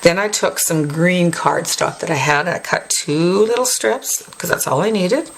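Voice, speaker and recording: A woman hosting a craft tutorial, chatting casually as she shows her work and often adds a quick "right?". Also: lowish voice, gravelly, slight background noise. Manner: chatty, tacks on "right?" tag questions. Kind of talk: casual show-and-tell tutorial.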